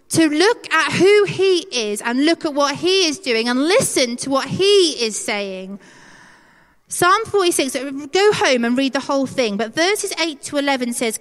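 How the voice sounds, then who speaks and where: Animated high-voiced woman preaching. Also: measured pace. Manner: animated, conversational, acts out quoted voices. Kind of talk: sermon. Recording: long hall reverb.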